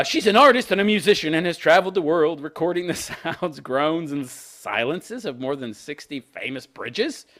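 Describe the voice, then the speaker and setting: A man's voice: fairly high pitch, a bit bright. A middle-aged man giving crude, sarcastic commentary on a news story, laughing at his own jokes. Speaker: commentary vlogger.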